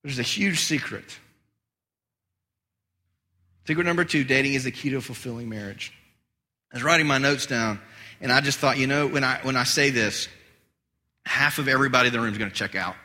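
A male pastor giving an animated, conversational sermon, his voice getting hoarse. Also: medium pitch, a little fast, pauses often. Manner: animated, conversational preaching with acted-out quotes. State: losing his voice. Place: church sanctuary. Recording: long hall reverb.

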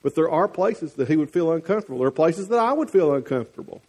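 A man's voice: a little high, animated, fast, a little mellow, husky. A man with a Southern US accent preaching a sermon as the church's pastor, folksy and teasing one moment, earnest the next.

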